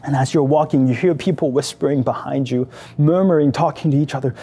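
A man's voice: mid-range voice, brisk, dark tone, slightly rough. A man leading a guided imaginative meditation, telling the story emotively in the second person. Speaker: prayer leader.

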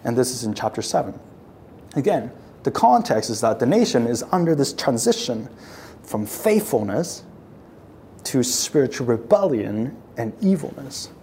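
A woman's voice: a bass voice, very animated, moderate pace, warm tone, a little hiss or hum. A woman preaching a sermon, telling the scene as a story and acting out how the crowd reacts, often repeating and restarting words as she builds. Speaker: pastor.

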